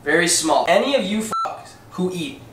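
Brief: profane comic cooking host, man, lively and loud, roomy noisy recording. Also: high-pitched, moderate pace. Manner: profane, joking, mock-instructional. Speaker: comedic cooking show host. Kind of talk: crude comedic cooking demo. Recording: echoey room, distant mic, noisy.

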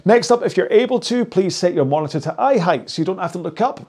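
A man's voice: high voice, expressive, quick pace, darkish tone, slightly rough. Chatty, jokey man coaching a rowing workout. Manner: chatty and joking, coaching while rowing on a machine. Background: faint music.

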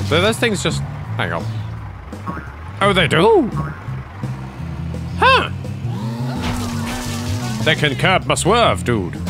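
An English man with a medium-pitched voice hosts a let's play, commentating on the gameplay in an exasperated, joking way with plenty of swearing.

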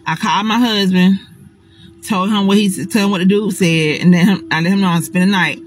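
A woman telling a personal story straight to her audience in a casual storytime monologue, animated and dramatic, swearing often. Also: medium pitch, fairly quick, faint music behind, poor audio.

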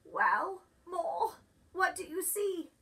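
A woman's voice: extremely high pitch, sing-song, slow pace, a bit bright, far from the mic, pitched above the performer's own voice, heavily acted. A woman voicing a sick male groundhog who is worried about letting everyone down, in a storybook reading. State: stuffy and sneezing.

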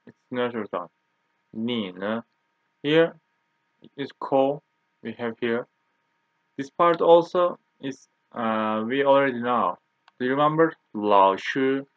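Guy in his 20s teaching, says words over and over real slow, sounds kinda phone-like. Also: medium pitch, no echo. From Turkey. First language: Turkish. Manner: repeats each word slowly for drilling. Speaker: language teacher. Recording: dry, tinny phone-like recording.

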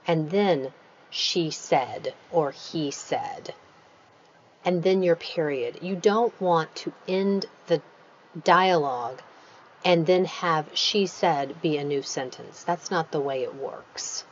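Lady author giving a writing lecture, lowish voice, dull lo-fi sound w faint hum behind. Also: slow. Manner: explains patiently and spells out punctuation aloud. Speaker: author teaching a writing workshop. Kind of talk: recorded lecture. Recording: dull lo-fi recording with faint ambience.

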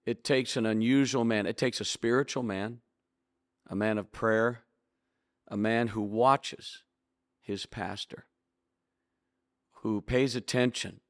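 A man's voice: on the low side, fairly even intonation, takes it slowly, long pauses, no echo, studio quality. A man in his sixties, a longtime pastor and author, telling stories in an interview in an earnest, preacherly way and acting out the dialogue he quotes. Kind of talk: reflective storytelling interview.

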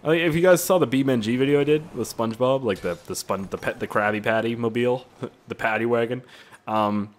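A man giving casual, rambling gameplay commentary, excitable and swearing often. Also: mid-range voice, fairly quick. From Canada. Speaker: gaming YouTuber.

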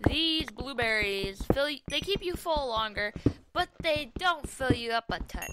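Over a very noisy recording, a young woman gaming YouTuber chats through her own survival gameplay, mocking herself and often exclaiming at what happens. Her voice is fairly high, with lively intonation and normal speed.

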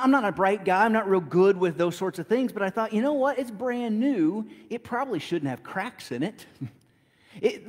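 A middle-aged man delivers a sermon in a church, slipping into a relaxed, conversational storytelling manner and repeating words as he restarts. His voice sits a little on the high side for a man. A long reverb from the sanctuary trails after each phrase. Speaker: preacher.

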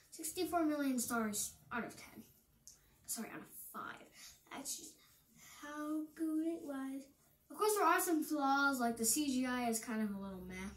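A teenage girl with an American accent gives a casual movie review, rambling and excitable, often cutting herself off mid-thought. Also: high voice, reverberant. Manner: rambling and excitable, self-interrupting.

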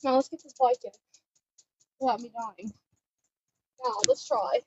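A teenage girl vlogging outdoors at home, chatting in a rambling, giggly, excitable way into a handheld phone. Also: high-pitched, measured pace, gravelly. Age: teens. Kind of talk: casual chatty vlog. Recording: dull, muffled phone audio.

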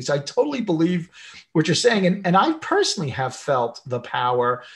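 A man hosting a podcast interview, talking conversationally and telling personal stories in an animated way. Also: normal speed. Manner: animated storyteller, pitch jumps when acting out his own thoughts. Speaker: podcast host.

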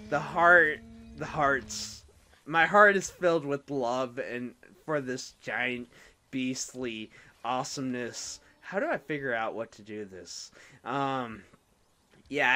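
A man's voice: a little high, pushed and bright. A young man giving casual, rambling, self-mocking commentary while playing a video game. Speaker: let's play host.

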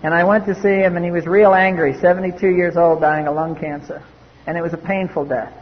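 Man from the US East Coast, high voice, wry and blunt testimony speaker; dull old tape recording. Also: steady tone, a little fast. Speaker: recovery meeting speaker. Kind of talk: personal testimony talk. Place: meeting hall. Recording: dull old cassette tape in a reverberant hall.

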